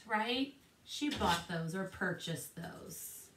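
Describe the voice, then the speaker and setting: A woman's voice: mid-range voice, lively intonation, a little slow, a bit bright, a little hiss or hum. A woman teaches a math lesson to second graders. She talks in an encouraging way and keeps asking the class questions as she works through a problem. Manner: encouraging, asks many questions.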